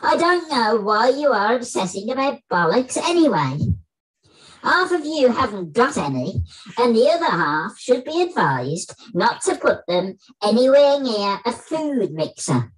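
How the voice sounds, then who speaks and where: Blustering famous old actor with a squeaky voice, put on by a man, indignant comic rant, lively swooping delivery, unhurried, video call. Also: exaggerated voice, rough recording. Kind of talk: comic spoken-word performance.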